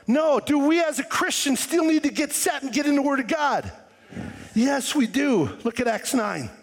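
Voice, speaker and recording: A man's voice: very high voice, lively intonation, normal speed. A man preaching a sermon to his church, firing rhetorical questions at the congregation and acting out voices. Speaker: pastor. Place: church hall. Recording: long reverb of a church hall.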